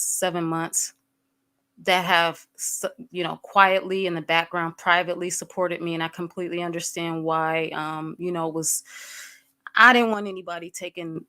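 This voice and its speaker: A woman's voice: lowish voice, a bit bright, smooth. A woman hosting a livestream, talking candidly to her viewers and greeting people in the chat as they arrive. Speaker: livestream host.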